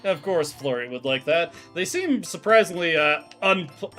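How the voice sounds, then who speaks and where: A man's voice: a little high, lively intonation, measured pace, a bit bright, soft background music. A man streaming a game, making wry, joking asides and reading dialogue aloud. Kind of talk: casual gameplay commentary, reading dialogue aloud.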